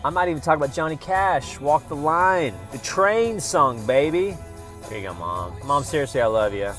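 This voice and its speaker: Guy rambling into his phone, swears a lot, gets loud then mumbles, music going behind him. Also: on the high side, lively intonation, moderate pace. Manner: rambling, profane, swings between loud bursts and mumbling. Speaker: vlogger. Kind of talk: rambling casual vlog. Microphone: phone camera. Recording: music playing in the background.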